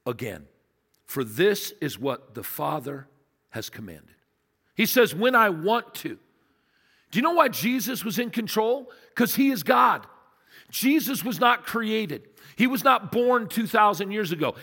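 An older man preaching as a pastor, telling a story and swinging between emphatic peaks and quiet low asides. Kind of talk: sermon. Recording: long reverb of a large hall.

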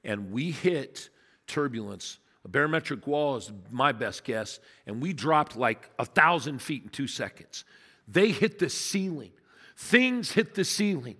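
An older man preaching as a pastor, telling a story and swinging between emphatic peaks and quiet low asides. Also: lively intonation, a little slow, slightly rough. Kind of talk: sermon. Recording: long reverb of a large hall.

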